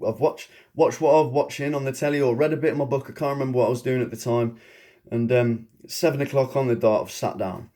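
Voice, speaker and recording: A man telling a personal story in a casual vlog monologue, rambling and excitable, often chuckling. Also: medium pitch, quick pace. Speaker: vlogger.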